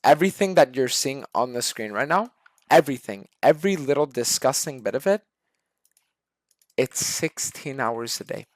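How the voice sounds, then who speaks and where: A young man streaming a game, ranting to his chat in a profane, exasperated way that swings from shouting to muttering. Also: mid-range voice, expressive, moderate pace, no echo.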